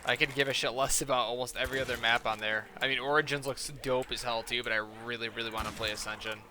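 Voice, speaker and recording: Man, gaming streamer, bright tense voice, profane rant, casual chat. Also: medium pitch, steady tone, fast talker, slight background noise. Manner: profane, ranting, quoting others in a mocking tone.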